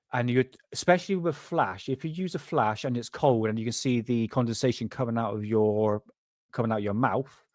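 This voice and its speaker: Male livestream host, cheeky and rambling, mid-pitched voice, dry close sound. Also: no echo. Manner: rambling, laughing, cheeky, swears freely. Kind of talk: casual livestream chat.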